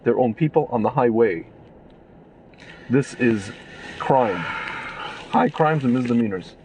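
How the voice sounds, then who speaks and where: A man co-hosting a podcast, chatting casually and ranting with animated, mocking asides. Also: mid-range voice, slow pace, noisy background. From Kentucky. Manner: animated, ranting, mock voices. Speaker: podcast co-host. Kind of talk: casual chat.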